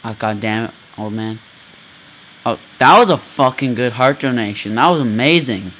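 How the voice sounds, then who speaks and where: Loud, swearing male gamer, bright voice. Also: medium pitch, expressive, normal speed, low-quality recording. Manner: loud, profane, yelling reactions. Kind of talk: let's play commentary. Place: at home.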